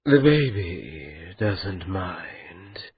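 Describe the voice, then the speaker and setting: A cruel captive spirit , put on by a male narrator, drawls each word slowly and softly, calm and amused. The voice is a little husky, and the recording is dry and dull. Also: medium pitch, no echo, full character voice. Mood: coldly calm. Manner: slow, calm, mocking drawl.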